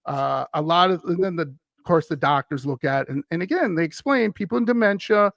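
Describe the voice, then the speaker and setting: This podcast guest from Wisconsin has a gravelly voice on the high side, talking a little fast with no room sound. Retelling a story in a relaxed conversation, he gets animated and performs the voices of those he quotes.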